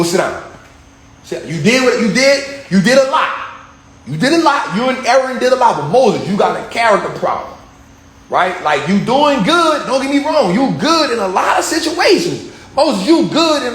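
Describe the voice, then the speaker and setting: A man's voice: very high voice, normal speed. A man giving a casual, slangy street-style sermon on his vlog. He talks animatedly, repeating phrases and checking in with his listeners. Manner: animated, repetitive, slangy and conversational. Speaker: vlogger preaching. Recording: echoey room, faint ambient hum.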